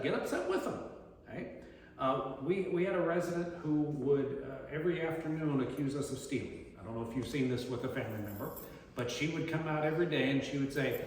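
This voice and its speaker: Male presenter, lively storyteller who acts out voices, slightly high-pitched, roomy distant sound. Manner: animated, acting out quoted voices. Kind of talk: community talk on dementia care. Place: community meeting room. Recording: echoey hall from far off.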